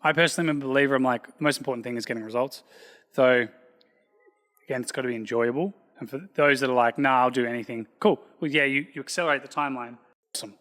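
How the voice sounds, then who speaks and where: A man, a personal trainer and gym founder, talking in a loud, energetic, casual podcast style. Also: mid-range voice, fast. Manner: loud, energetic, self-described loud guy. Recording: long hall reverb.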